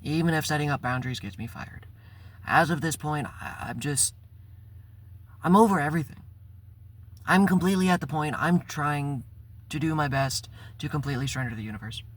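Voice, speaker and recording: A man's voice: a little high, lively intonation, a little fast, long pauses. A man telling a personal story in a casual, rambling vlog, swearing and breaking into bursts of exasperation. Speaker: spiritual vlogger.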